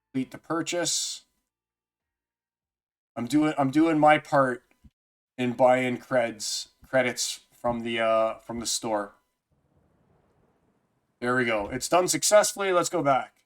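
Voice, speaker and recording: A man streaming live, chatting casually and jokily with viewers by name. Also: medium pitch. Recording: faint music underneath.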